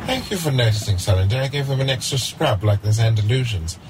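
An actor playing a pompous aristocratic lord with no sense of humor, haughty and prone to giggling, in a comedic audio drama. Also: male voice, medium pitch, animated, fast, noisy background, close to an everyday voice. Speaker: lead character.

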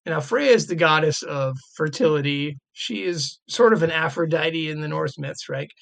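A man in casual podcast talk, retelling old myths and reading passages aloud, excited, with lots of "like" and "right". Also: on the high side, normal speed, gravelly. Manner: excited, laughing, many fillers like "like" and "right".

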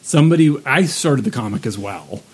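A man co-hosting a podcast, reacting with quick interjections in casual chat. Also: medium pitch, animated, husky. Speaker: podcast co-host.

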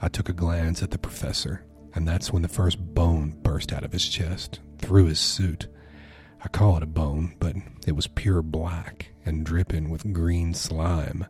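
A man's voice: low-pitched, fairly even intonation, measured pace, a little mellow, slightly rough, faint music behind. A man narrating a first-person horror story with tense, vivid storytelling.

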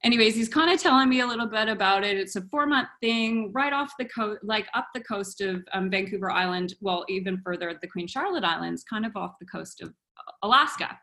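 Bright animated woman telling stories. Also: medium pitch, fairly quick. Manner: animated, acts out dialogue, laughs often. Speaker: guest, wellness coach. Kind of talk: casual storytelling.

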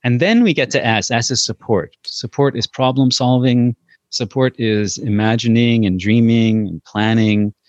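A man's voice: medium pitch, steady tone, moderate pace, no room sound, muffled recording. A man talking casually as a guest about parenting, hesitant, with many fillers and restarts as he tells stories. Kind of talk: casual podcast conversation.

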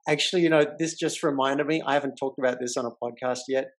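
A podcast host with a mid-range voice speaks fast, casually telling a story. He's an animated storyteller who acts out the voices of the people he quotes.

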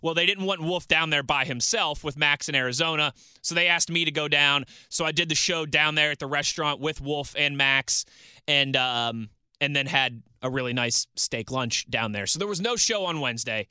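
A man's voice: a little high, normal speed, pushed and bright, smooth, no echo, clean studio sound. A man hosting a solo sports talk radio show, chatting and reading out listener messages. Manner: chatty, reads listener tweets and banters.

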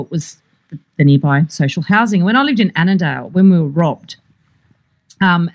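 An Australian woman co-hosting a podcast in casual chat, rambling through anecdotes and laughing often. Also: lowish voice. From Sydney, Australia. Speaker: podcast co-host.

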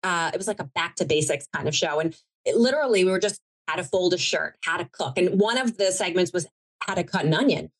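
A woman's voice: on the low side, fast talker. A woman, a TV producer as guest, telling stories in a rambling, heartfelt way with many restarts. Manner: rambling, self-correcting, emotional and heartfelt. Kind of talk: conversational storytelling interview.

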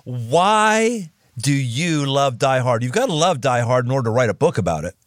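A man's voice: medium pitch, very animated, moderate pace, no echo. An American man hosting a podcast interview, exuberant and jokey, with a lot of emphasis. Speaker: podcast host. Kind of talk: casual interview.

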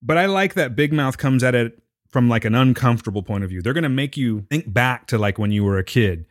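A man's voice: medium pitch, lively intonation, brisk, no room sound, clean studio sound. A man co-hosting a podcast in casual chat, enthusiastic and emphatic, laughing easily. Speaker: podcast co-host.

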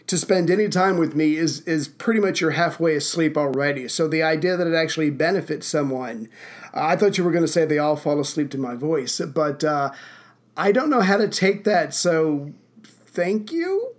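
A man hosting a podcast, telling stories in a rambling, self-deprecating way. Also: fairly high pitch. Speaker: podcast host. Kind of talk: casual chat.

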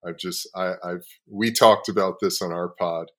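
A man hosting a podcast, telling a story in a casual, profane way with frequent laughs, sometimes dropping low and quiet. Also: steady tone, moderate pace. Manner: swears freely, laughs often. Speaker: podcast host.

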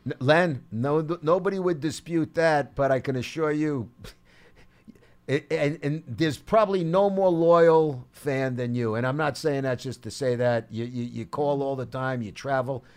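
A man hosting a sports call-in radio show, talking excitedly with many stammered restarts. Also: medium pitch, measured pace.

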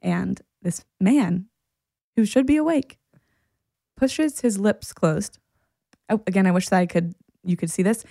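A woman hosting a podcast, telling a personal story in a casual, animated way and laughing often as she goes. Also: mid-range voice, a little slow, vocal fry, long pauses, dry recording, studio quality. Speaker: podcast host and therapist.

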